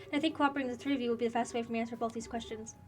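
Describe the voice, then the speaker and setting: A woman's voice: a little high, fairly even intonation, racing, close to an everyday voice. A woman voicing a formal knight captain. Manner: polite, formal. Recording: faint game music behind.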